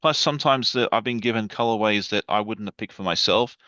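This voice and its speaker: A man's voice: on the low side, fairly quick, pushed and bright, no echo, highs cut off. A man chatting as a guest on a livestream over a video call, enthusiastic and rambling. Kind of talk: casual livestream chat.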